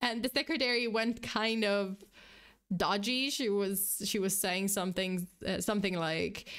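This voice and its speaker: A woman's voice: medium pitch, steady tone, moderate pace, a bit bright. A woman podcast host telling a true story in a chatty, casual way, full of asides. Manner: chatty, many fillers and asides.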